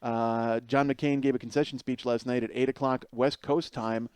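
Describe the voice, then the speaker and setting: A middle-aged man hosting a podcast, telling a comedic story in an animated way, swearing freely and laughing through the punchlines. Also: medium pitch, normal speed, clean tone, no echo. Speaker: podcast host.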